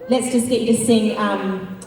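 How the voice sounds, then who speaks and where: A woman's voice: on the high side, steady tone, moderate pace, darkish tone. A woman vocal coach leading a live workshop in an auditorium, upbeat and encouraging, breaking into sung demonstrations. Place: large auditorium with a crowd of singers. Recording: echoey auditorium from far off with singing behind.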